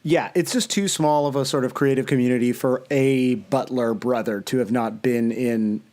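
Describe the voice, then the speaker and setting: A man co-hosting a casual podcast chat, easygoing and quick to laugh, telling chatty stories. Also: medium pitch, fairly even intonation, darkish tone. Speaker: podcast co-host.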